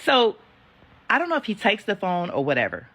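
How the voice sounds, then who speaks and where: A woman's voice: medium pitch, fairly quick. A woman in her thirties telling a personal story in a sassy, casual storytime style, acting out the quotes as she goes. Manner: sassy, animated retelling with voiced quotes.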